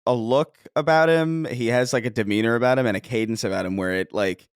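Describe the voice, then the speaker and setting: A man co-hosts a casual podcast chat, rambling along with plenty of fillers. His voice sits at an average pitch. The recording is dry and close. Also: fast talker, clear, resonant tone, no echo. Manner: chatty, rambling with many fillers. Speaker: podcast co-host.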